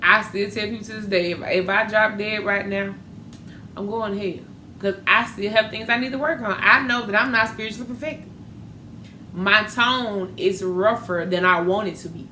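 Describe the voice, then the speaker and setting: A woman's voice: medium pitch, moderate pace, pushed and bright. A woman hosting a podcast, talking candidly and animatedly about faith and dating. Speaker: podcast host. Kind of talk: casual faith talk. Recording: echoey room with faint noise.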